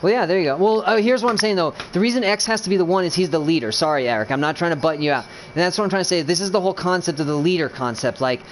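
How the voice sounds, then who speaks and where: A man speaks over a casual gaming voice chat, his voice slightly high and carrying a faint hiss behind it. He is blunt and swears freely. He rambles through false starts while earnestly checking that his teammates follow him. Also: racing, hardly any pauses. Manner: rambling, blunt and profane, many restarts; earnest, keeps checking he is understood. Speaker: gamer coaching teammates.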